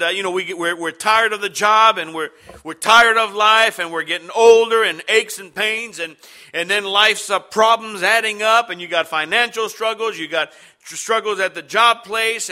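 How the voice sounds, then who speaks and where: A man preaching a sermon to a congregation, halting and repeating words, with many fillers, asking the listeners questions. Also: high-pitched, pushed and bright. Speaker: pastor. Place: church sanctuary with congregation.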